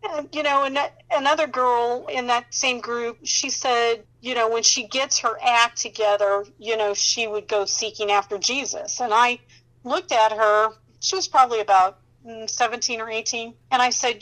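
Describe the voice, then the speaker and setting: Animated woman sharing faith testimonies. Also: on the high side, moderate pace, low-quality recording. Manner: animated, emphatic, laughs often while talking; addresses listener directly with "okay?" and "you know".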